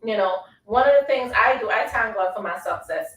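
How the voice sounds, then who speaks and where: A woman's voice: a little high, brisk, fairly bright tone, distant mic. Emphatic woman, roomy sound. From Trinidad. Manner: emphatic, preachy, keeps asking "you understand?". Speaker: radio show host. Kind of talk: motivational casual talk.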